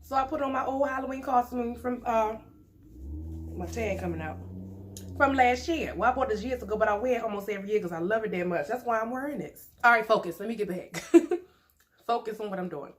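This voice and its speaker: Lady doing a mukbang vlog, bit high voice, chatty and laughing a lot. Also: brisk, slight background noise. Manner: chatty, playful, laughs often. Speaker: mukbang vlogger. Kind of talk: casual chat while eating.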